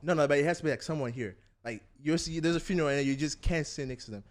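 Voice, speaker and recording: A man's voice: a little high, fast. Playful male podcast host. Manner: playful, laughs often. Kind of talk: casual chat.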